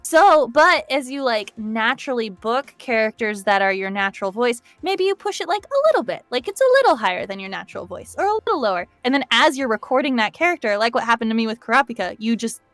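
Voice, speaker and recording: A woman voice actress chats casually and laughs easily, her pitch a touch high. She sounds close and dry, with faint music under her. She gets animated when she talks about her craft. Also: quick pace, hardly any pauses, dry recording. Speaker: voice actress guest. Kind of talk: casual chat.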